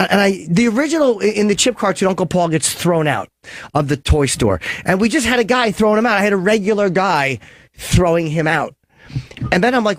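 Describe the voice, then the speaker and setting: A man's voice: high-pitched, dry recording, studio quality. A man hosting a radio show and taking calls, talking in a rambling, crude way that keeps breaking off and restarting. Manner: rambling, self-interrupting, crude. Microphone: studio microphone.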